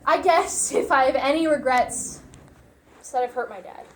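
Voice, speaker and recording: Playing a television-raised, unhinged young loner, a young woman delivers a competition monologue in a bitter, wistful mood, swinging from hushed murmurs to shrill outbursts. She speaks at a moderate pace in a roomy-sounding space, her voice close to an everyday one.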